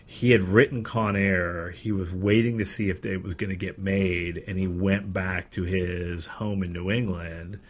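A man's voice: low voice, fairly even intonation, a little slow, few pauses. A man from Erie, Pennsylvania, chatting casually as a podcast co-host, meandering and searching for his words. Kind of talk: casual chat about movies.

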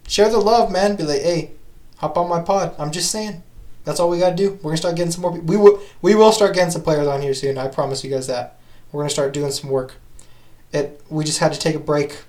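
A young man co-hosting a casual sports podcast, animated and slangy, talking in quick bursts. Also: on the high side. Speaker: podcast co-host.

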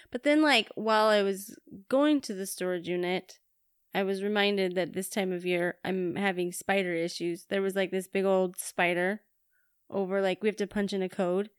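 A woman's voice: medium pitch, clean tone, no echo, studio quality. A woman from Montana chatting casually as a podcast co-host, telling stories and laughing often. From Montana, USA. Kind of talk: casual chat.

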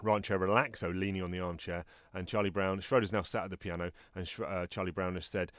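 A man's voice: low-pitched, fast, hardly any pauses, dry recording, studio quality. A man co-hosting a casual podcast, describing comic strips and acting out the characters' lines with animation. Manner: animated, acts out comic dialogue. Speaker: podcast co-host. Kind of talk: casual chat, reading comic strips aloud.

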